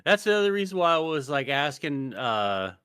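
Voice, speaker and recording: Male podcast co-host, bright tone, dry close sound, casual joking banter with swearing. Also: a little high, big pitch swings, moderate pace, smooth, no echo. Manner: swearing, laughing, jokey asides.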